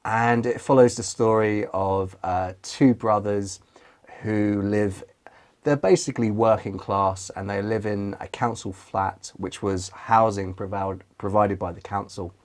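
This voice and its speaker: Man, from London, fairly low voice, casual teaching, chatty. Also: fairly even intonation, measured pace. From London, England. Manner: chatty, explains with examples. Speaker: IELTS teacher, co-host. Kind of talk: casual lesson and mock speaking answer.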